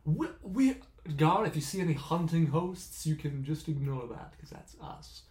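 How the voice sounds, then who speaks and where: A man's voice: on the high side, expressive, a little slow, darkish tone, echoey room. A man co-hosting a comedic podcast, joking around playfully and theatrically. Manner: playful, theatrical, breaks into spooky voice bits. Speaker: podcast co-host.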